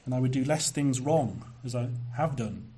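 A pastor preaching a sermon, measured and emphatic, slowing down to stress key phrases. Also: male voice, medium pitch, animated, dark tone.

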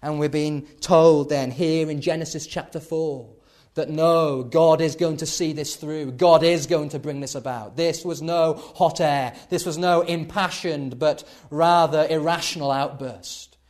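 Emphatic male preacher, fairly high voice. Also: fairly even intonation, unhurried. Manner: builds to loud emphatic peaks, then drops low. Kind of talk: sermon.

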